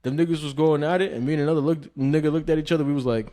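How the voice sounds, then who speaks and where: A man from New York co-hosting a podcast, telling profane, animated stories in casual chat. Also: a little high, very fast. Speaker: podcast co-host.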